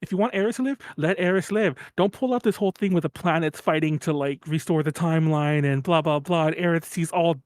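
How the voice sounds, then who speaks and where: A man co-hosting a casual podcast, ranting quickly and laughing often. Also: a little high, no echo. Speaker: podcast co-host.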